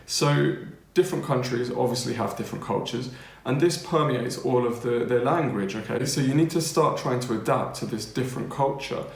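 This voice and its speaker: Chatty English man, gravelly voice. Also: mid-range voice, moderate pace, echoey room. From England. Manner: chatty, keeps checking in with listeners. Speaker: language-learning teacher. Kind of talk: casual spoken lesson.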